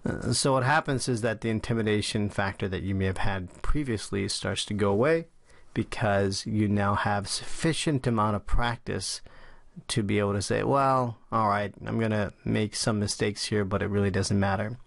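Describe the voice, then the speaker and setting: A man with a lowish voice walks viewers through a drawing tutorial in a casual, chatty way. He pauses often on "uh" as he sketches. The sound is close and dry, with no room around it. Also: gravelly, no echo. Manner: casual and chatty, with frequent "uh" fillers. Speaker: drawing channel host. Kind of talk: tutorial talk while sketching.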